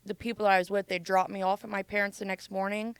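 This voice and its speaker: Podcast guest, young adult woman from Ohio; casual, frank, crisp voice, dry close mic. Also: medium pitch, little pitch movement, quick pace, no echo. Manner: casual, frank, swears freely, acts out quotes. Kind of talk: candid storytelling.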